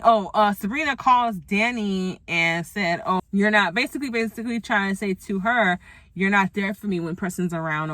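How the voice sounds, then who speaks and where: Bright, animated woman recapping TV. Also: medium pitch, no echo. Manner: animated, exclamatory, chatty asides to viewers. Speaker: TV recap vlogger. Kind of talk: casual TV episode recap.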